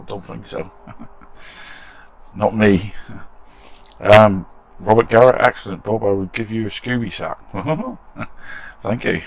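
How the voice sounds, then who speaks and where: Low gravelly british bloke rambling in his shed, bit self-mocking. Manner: chatty and self-deprecating, laughing at himself. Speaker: model restoration channel host. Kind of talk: casual chat to camera, reading comments. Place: garden shed workshop.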